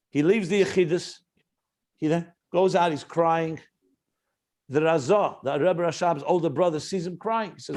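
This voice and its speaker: A rabbi giving a spoken Torah class, his voice a little higher than most men's. He talks earnestly, weaves stories into the teaching, and often restarts his sentences as he thinks aloud. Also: moderate pace, a little mellow. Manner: earnest, storytelling, frequent restarts.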